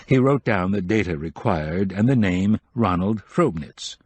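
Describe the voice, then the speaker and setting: A man reading an audiobook in a measured, even scripted narration. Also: sits low, husky, dry recording.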